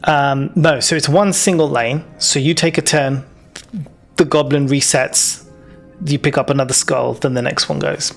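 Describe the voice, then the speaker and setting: A man's voice: on the high side, fairly even intonation, moderate pace, gravelly, faint music behind. A man narrating as game master of a tabletop game, loose and rambling, full of fillers and restarts.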